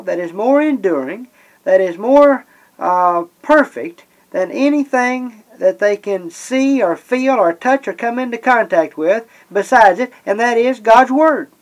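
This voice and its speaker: A man preaching a Bible-teaching sermon. He slows down and leans on the scripture he reads, and pauses often with "uh". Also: high voice, low-quality recording. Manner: slows and stresses scripture readings, many "uh" pauses.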